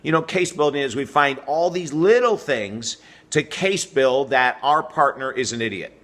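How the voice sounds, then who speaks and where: Middle-aged male host, bright forceful voice, energetic coaching delivery straight to camera. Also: medium pitch, normal speed. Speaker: relationship coach and show host. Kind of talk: direct-to-camera advice video.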